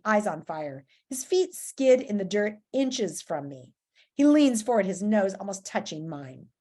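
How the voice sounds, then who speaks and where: A woman reading a children's book aloud in an expressive, animated storytelling manner. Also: medium pitch. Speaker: story reader.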